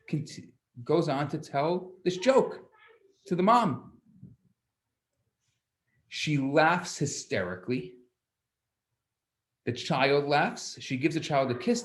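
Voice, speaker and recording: A man, a rabbi, teaching a class, telling a story with lively asides and frequent restarts. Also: on the high side. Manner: animated storyteller, acts out children's voices, stammers on restarts. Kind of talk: storytelling lecture.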